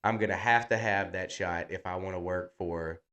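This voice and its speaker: A man's voice: low voice, steady tone, moderate pace, fairly bright tone, dull audio. A man, co-hosting a casual podcast in a laid-back, jokey manner. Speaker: podcast co-host.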